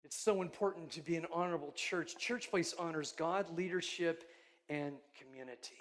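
High-voiced preaching man, earnest and emphatic. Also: moderate pace. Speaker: pastor. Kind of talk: sermon.

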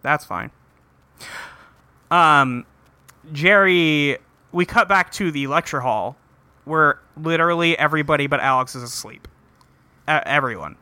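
A man's voice: on the high side, moderate pace, pushed and bright, dry recording. A man on a podcast recapping a cartoon episode in casual chat, rambling with many ums and acting out the characters' lines.

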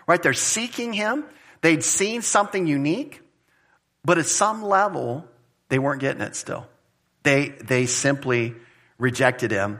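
A man's voice: a little high, measured pace. A man preaching an expository sermon in an emphatic, conversational way. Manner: animated, emphatic, conversational preaching with Greek word study. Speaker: pastor.

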